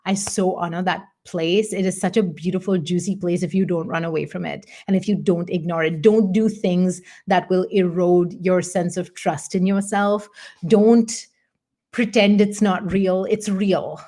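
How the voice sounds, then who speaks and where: A middle-aged woman coach giving a candid motivational talk, earnest and animated, acting out her own past thoughts. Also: lowish voice, a little slow. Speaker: business coach.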